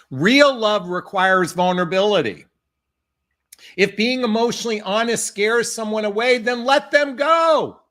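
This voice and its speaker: A high-pitched, slightly bright male voice comes from a middle-aged dating coach addressing the camera directly. Impassioned and emphatic, he keeps calling his viewers "folks."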